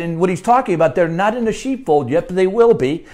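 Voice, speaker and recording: An American man teaching a Bible study as pastor, conversational, often checking in with "all right?" and climbing high when he stresses a point. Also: animated, fast, hardly any pauses, a little mellow.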